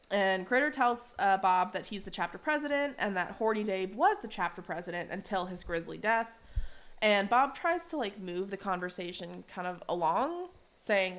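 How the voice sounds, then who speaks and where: A woman's voice: mid-range voice, fairly bright tone. A young adult woman chatting on a podcast, recapping a story with frequent giggles. She slips into playful character voices as she retells scenes, easygoing and talkative. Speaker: podcast co-host recapping an episode. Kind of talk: casual chat.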